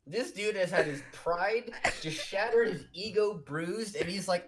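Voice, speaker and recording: A man's voice: high voice, lively intonation, moderate pace, hardly any pauses, a bit bright, a little hiss or hum. Sarcastic man mocking a cheesy book. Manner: sarcastic, profane, laughs a lot. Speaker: podcast co-host. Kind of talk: casual comedic book review chat.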